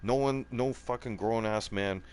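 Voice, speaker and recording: A man's voice: fairly low pitch, unhurried, a little mellow, clear, resonant tone. A man hosting a gaming channel, delivering a heated, profane monologue, angry and defiant, checking in with "right?" and "okay?" over and over. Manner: profane, repetitive, keeps asking "right?" and "okay?"; angry and defiant, voice rising and falling.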